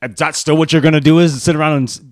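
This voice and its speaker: A man in his thirties co-hosting a podcast in casual chat, animated and joking, swearing freely. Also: a little high, racing, dry recording, studio quality. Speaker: podcast co-host.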